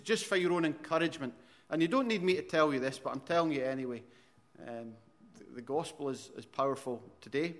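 A man's voice: mid-range voice, a bit bright. A man in his forties with an Aberdonian Scottish accent, preaching a sermon as pastor with earnest, repeated restarts. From Aberdeen, Scotland. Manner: earnest preacher, frequent restarts, rises in volume when telling stories.

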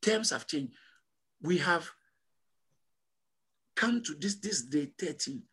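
A man preaching a sermon as pastor, emphatic and repetitive, building to loud call-and-response peaks. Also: a little high, animated, slow, slightly rough.

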